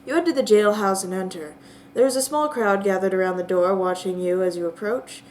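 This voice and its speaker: A young woman narrating a text adventure game with bemused, drawn-out comic disbelief. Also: mid-range voice, darkish tone, slight background noise. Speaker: player and narrator.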